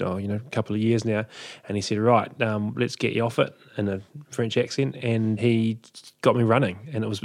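A man hosts a podcast in casual chat, reacting with quick enthusiasm. He talks fast in a lowish voice, and the sound is dry and close with no room echo. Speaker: podcast host.

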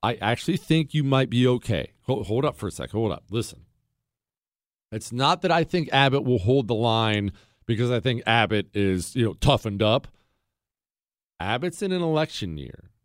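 A man's voice: medium pitch, lively intonation, moderate pace, no echo, clean studio sound. A man hosting a talk radio show, speaking in a fiery, emphatic way and repeating lines for punch as he answers listener mail.

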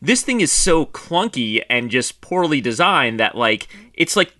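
A man's voice: mid-range voice, a little slow, no room sound. A man co-hosting a football podcast in casual chat, laughing often and joking. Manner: laughs often, jokey and animated. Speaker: podcast co-host.

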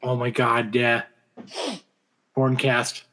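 A man's voice: a little high, a little fast, a little hiss or hum. A man co-hosting a podcast in casual banter, rambling and cracking dry jokes. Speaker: podcast co-host.

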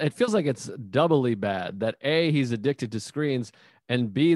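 Relaxed man in his thirties hosting. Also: mid-range voice, no room sound, clean studio sound. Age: 30s. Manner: relaxed, musing, asks follow-up questions. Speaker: podcast host. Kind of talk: casual podcast interview.

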